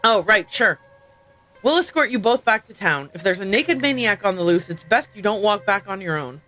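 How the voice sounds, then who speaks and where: A woman voicing a serious, curt male deputy who speaks in a flat, official manner. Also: mid-range voice, moderate pace, faint music behind. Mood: stern.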